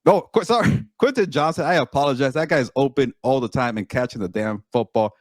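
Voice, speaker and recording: A man with a mid-pitched voice giving emphatic sports opinions as a columnist. He stumbles over and repeats words when he gets going. The sound is dry and close to the mic. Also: a little fast, dry recording. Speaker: sports podcast co-host and columnist. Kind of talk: casual sports talk.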